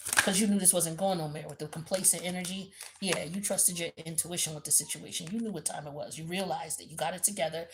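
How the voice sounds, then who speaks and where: A woman giving a blunt, animated tarot reading in a casual, profane, slangy way. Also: fairly low pitch, fast talker, noisy background. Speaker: tarot reader.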